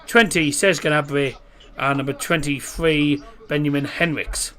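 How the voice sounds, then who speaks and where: A man's voice: on the high side, fairly even intonation, measured pace, bright, forceful tone. A man hosting a casual live football watchalong stream, reading out lineups and chatting with viewers. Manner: chatty, reads out chat messages and team lineups.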